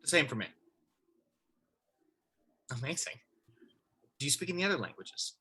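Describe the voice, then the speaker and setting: A man's voice: a little high, sing-song, normal speed, pushed and bright, husky, heavily acted. A man reading the part of Matt, an earnest, charming blind male lawyer, in an amateur script table read.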